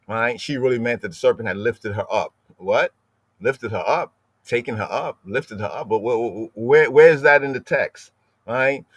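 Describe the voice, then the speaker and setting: In a streamed scripture study, a podcast host explains at length, repeats words, frequently tacks on "right?", and dwells on word pronunciations. His voice is fairly low, and the recording is dry.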